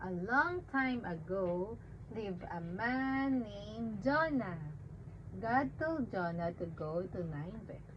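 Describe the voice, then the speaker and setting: A young mother reading a picture book to her baby in a slow, coaxing sing-song and making animal sounds. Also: mid-range voice, animated, dull audio, slight background noise.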